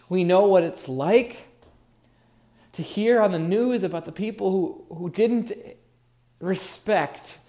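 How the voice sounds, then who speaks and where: A man's voice: sits high, a little mellow. A man preaching a sermon as pastor, earnest and musing, leaning on words for emphasis. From Oregon.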